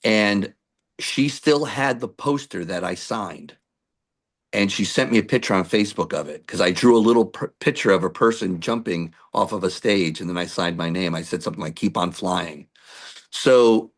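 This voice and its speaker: A middle-aged male musician telling lively stories in an interview, acting out what people said to him. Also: on the low side. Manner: animated anecdotes with acted-out quotes. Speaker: musician guest. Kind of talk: storytelling interview.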